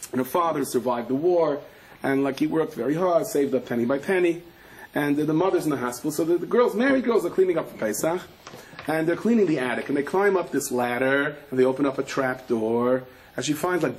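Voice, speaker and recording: A middle-aged man, a rabbi, giving a sermon full of animated, rapid storytelling. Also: a little high.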